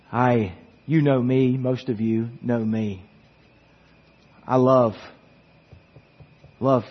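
Male pastor, husky voice, earnest preaching, long echo of a church hall on a dull lo-fi recording. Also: mid-range voice. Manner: earnest preaching with repeated words. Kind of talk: sermon.

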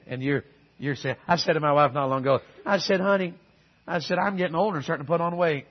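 Fiery preacher, high husky voice. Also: male voice, quick pace, dull audio. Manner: call-and-response preaching, shifting between loud exhortation and quiet earnest asides. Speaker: guest preacher. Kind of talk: sermon.

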